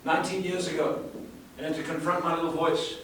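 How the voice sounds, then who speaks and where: A sales trainer speaking emphatically to a live audience, asking rhetorical questions and repeating words for effect. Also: male voice, a little high, level tone, fairly quick, a bit bright. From South Africa. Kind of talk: live seminar talk. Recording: echoey room, far from the mic, faint hiss.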